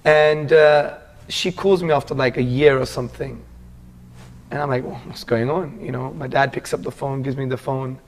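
A man from England telling the story of his conversion in a casual interview, earnest and animated, often calling the listener "bro". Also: medium pitch, moderate pace.

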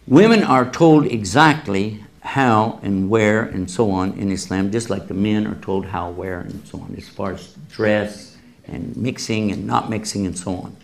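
A man speaking as an Islamic lecturer in a public talk, answering audience questions by telling stories with humor and acting out quoted voices. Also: on the low side. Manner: animated storyteller who acts out quoted voices with humor.

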